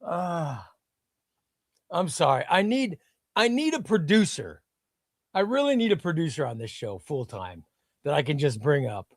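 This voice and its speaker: A high, bouncy male voice that swings all over the place, hosting a comic book livestream. He talks in an excitable, flustered, self-deprecating way. The sound is dry and close, with no room around it. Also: a little slow, pauses often, no echo. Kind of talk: casual live stream chat.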